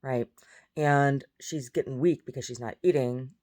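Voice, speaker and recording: A woman's voice: extremely low pitch, measured pace, darkish tone. A woman vlogging in a rambling, chatty way, jumping between topics. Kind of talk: casual chat.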